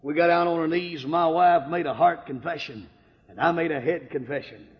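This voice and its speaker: A man preaching a folksy testimony sermon and telling his story, breaking into sudden shouts. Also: on the high side, a little fast. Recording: echoey hall, dull lo-fi sound.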